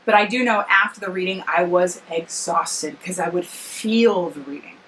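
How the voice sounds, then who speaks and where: Tired woman in her 40s, vlogger, bright voice, rambling and chatty, faint noise behind. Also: lowish voice, normal speed, rough recording. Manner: rambling, self-correcting, chatty. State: tired after work, yawning. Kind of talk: casual personal storytelling to camera.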